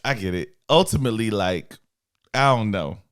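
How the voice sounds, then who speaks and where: A man with banters with his co-host. His talk is playful and teasing, and his pitch rises and falls freely as he pushes back. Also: lively intonation, moderate pace, no echo, studio quality. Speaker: podcast co-host. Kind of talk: casual couple banter.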